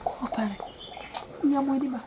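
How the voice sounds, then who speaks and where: A woman, playing a teasing villager in a film, animated and laughing often. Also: high voice, quick pace, dull audio, slight background noise, lightly acted. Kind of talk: Ghanaian film acting.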